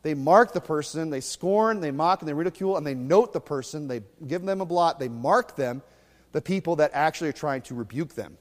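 A man preaching a sermon in a fiery, mocking way, swinging between loud bursts and hushed asides. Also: fairly high pitch, animated, brisk, in a large hall. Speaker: pastor.

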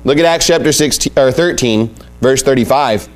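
A man's voice: medium pitch, normal speed, soft background music. A man preaching a sermon, emphatic and repeating his key points as he reads scripture aloud. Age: adult with young family.

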